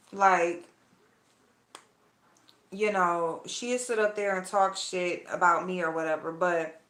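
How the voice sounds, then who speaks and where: A woman vlogger cooks at home and chats bluntly with her live chat, gossiping loosely and calling them y'all. Her voice is fairly low with a sharp tone, and the room echoes.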